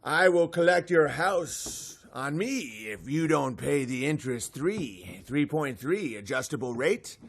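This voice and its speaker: A man's voice: fairly high pitch, animated, unhurried, vocal fry, few pauses, a bit bright, breathy edge, pitched below the performer's own voice, full character voice. A man voicing an impish male leprechaun who speaks in sing-song rhymes and giggles. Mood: teasing. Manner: rhyming sing-song with giggling "tee hee".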